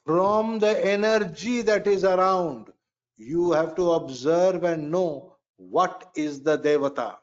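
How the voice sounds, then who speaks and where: Man, spiritual lecture, very slow delivery, repeats phrases, muffled lo-fi sound. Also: on the high side. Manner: slow, emphatic, repeats phrases and chants mantras. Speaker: Vedic astrology teacher.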